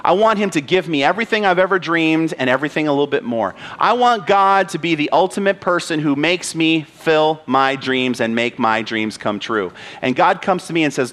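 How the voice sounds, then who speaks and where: A man's voice: on the high side, normal speed, few pauses, a bit bright, in a large hall. A man pastor preaching a sermon in an earnest way, pressing with rhetorical questions. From United States.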